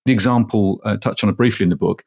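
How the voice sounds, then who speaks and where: A man's voice: lowish voice, quick pace, darkish tone. A middle-aged man, a professor, answering interview questions casually and explaining step by step with everyday examples. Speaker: guest, manufacturing professor.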